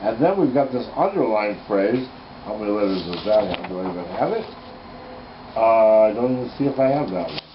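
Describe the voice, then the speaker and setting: Brisk and expressive, a man with a lowish voice teaches Torah codes in an informal home lesson, with background noise in a slightly muffled recording. His enthusiasm shows as he thinks aloud and keeps correcting himself.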